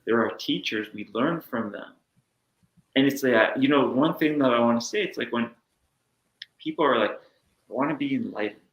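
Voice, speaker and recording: A man's voice: medium pitch, normal speed, long pauses, echoey room, rough recording. A man chatting as a show guest, earnest and reflective, sometimes acting out little inner voices. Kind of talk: casual chat.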